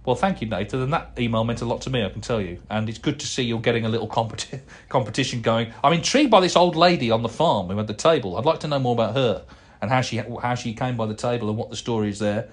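A middle-aged man with a medium-pitched voice talks fast on his casual solo podcast. Answering listener emails, he rambles and chats, full of fillers and restarts.

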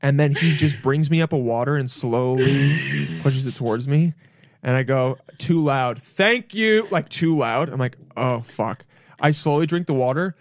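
A man's voice: medium pitch, moderate pace, no echo, studio quality. A man in casual comedic chat, telling a story with acted-out quotes and frequent laughs. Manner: animated storytelling, acts out quotes, laughs often.

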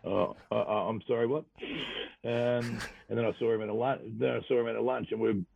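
A man's voice: medium pitch, level tone, fairly quick, vocal fry, slightly rough, no echo. A man from Western Australia with an Australian accent, a former footballer telling rambling, laughing anecdotes as an interview guest. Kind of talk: casual storytelling interview. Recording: tinny phone-like radio sound, dry.

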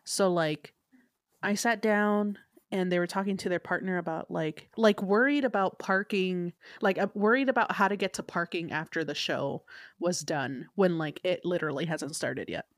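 A woman's voice: normal speed, no room sound, studio quality. Woman telling a story on a podcast. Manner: animated storyteller, mimics people with a raised pitch. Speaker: podcast co-host. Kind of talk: casual chat, storytelling.

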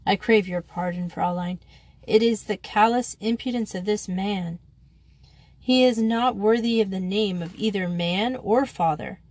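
A woman voicing a courteous, formal Austrian gentleman in a story reading. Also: mid-range voice, measured pace, no room sound. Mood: indignant.

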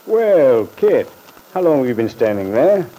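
A chuckling, fatherly middle-aged banker uncle in a vintage radio soap. His voice sits low and mellow, and he talks with easy, reassuring geniality. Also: animated, moderate pace, rough recording. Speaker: bank executive.

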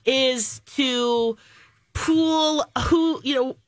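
A woman's voice: high voice, extremely slow, no echo. A woman co-hosting a casual chat show, hesitant and searching for words. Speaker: co-host.

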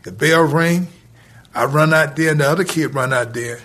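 A man with a slightly high, somewhat bright voice is a podcast guest telling a long personal story. He draws it out, peppering it with plenty of "he said" and "I said."

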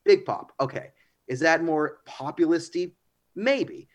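A man talking politics as a radio guest, his voice sitting a bit high for a man. He is animated and opinionated, and he slips into mocking imitations as he argues his points. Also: brisk. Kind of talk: radio talk-show interview.

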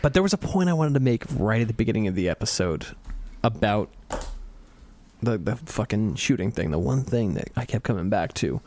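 A man's voice: on the low side, big pitch swings, brisk, a little mellow. A man co-hosting a podcast, making a blunt, profane argument in casual talk. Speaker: podcast co-host.

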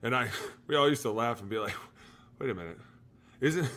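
A man, a former football player, telling animated locker-room stories on a casual podcast, shouting out the lines he quotes. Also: medium pitch, quick pace, long pauses. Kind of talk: casual storytelling chat.

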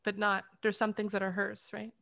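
A woman hosting a podcast, her mid-range voice carrying some gravel. She answers softly and affirms her guest. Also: mid-range voice, completely flat delivery, normal speed. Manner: affirming, soft back-channel responses. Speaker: podcast host. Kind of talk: interview listening and responding.

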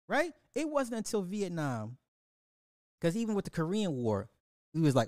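A man hosting a podcast, ranting about social topics to his audience in a profane, animated way, often repeating and restarting words and laughing at his own points. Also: high voice, normal speed, pauses often, dry recording, clean studio sound. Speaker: podcast host. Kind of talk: live-stream social commentary rant.

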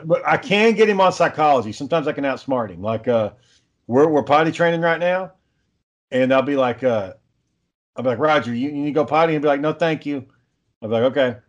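A man's voice: medium pitch, lo-fi sound. A man who is a father, chatting casually and telling stories in a blunt, profane way. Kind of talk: casual chat.

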